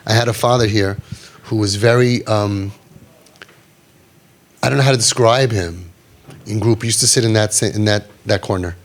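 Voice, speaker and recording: A middle-aged man counseling parents in a group talk, animated and acting out quotes, sprinkling in Yiddish and Hebrew words. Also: fairly low pitch, normal speed, long pauses.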